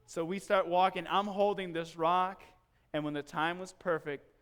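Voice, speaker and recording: A male pastor giving a sermon in church, telling a personal story in an animated way and acting out the scenes. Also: sits high, normal speed, clean tone.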